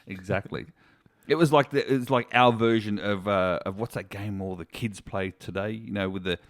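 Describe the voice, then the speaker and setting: A man's voice: fairly low pitch, normal speed, no room sound, clean studio sound. Chatty man co-hosting a podcast. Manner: chatty, laughs often, frequent restarts. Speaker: podcast co-host. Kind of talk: casual chat.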